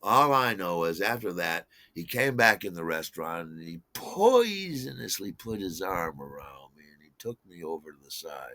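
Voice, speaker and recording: A man's voice: low voice, normal speed, few pauses, no room sound. A man in his sixties telling a personal story casually, rambling with fillers and acting out quotes. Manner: animated, rambling, many fillers and restarts, acts out quotes.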